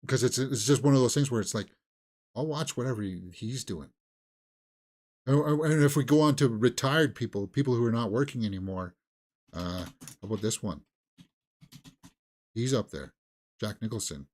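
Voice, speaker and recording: A man co-hosting a movie talk show, chatting casually and thinking aloud with halting restarts. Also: medium pitch, a little mellow. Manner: musing, halting, with fillers and restarts. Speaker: movie news co-host. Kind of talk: casual chat.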